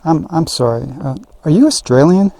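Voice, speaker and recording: A man from Southern California answering a phone call in a slow, laid-back way. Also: fairly high pitch, expressive, gravelly, mellow.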